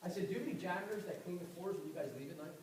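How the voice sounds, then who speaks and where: Fast high-voiced man pumping up a crowd. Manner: fast, animated, confrontational storytelling. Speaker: network marketing speaker. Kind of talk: motivational talk to a live audience. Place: event hall with audience. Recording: echoey room, far mic, audible noise.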